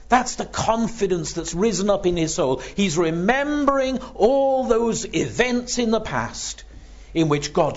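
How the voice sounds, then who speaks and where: A man's voice: a little high, husky, highs cut off. A man preaching an expository sermon on a psalm, building to fervent emphasis.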